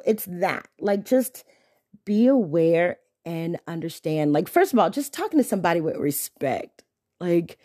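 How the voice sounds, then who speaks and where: A young adult woman hosting a casual solo podcast, telling stories in an animated way and mimicking the messages men send her. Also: fairly high pitch, dry recording, clean studio sound. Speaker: podcast host.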